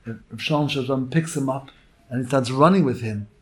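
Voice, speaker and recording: A man teaching a Torah lecture as a rabbi, emphatic and swinging between hushed and loud phrases. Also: medium pitch. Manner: slow, drawn-out emphasis.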